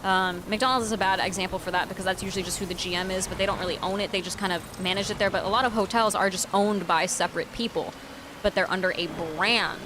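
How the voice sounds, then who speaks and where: A woman streamer chatting casually while gaming, ranting with lots of swearing and sudden loud outbursts. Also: medium pitch, fairly even intonation, fast talker, background noise. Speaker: game streamer.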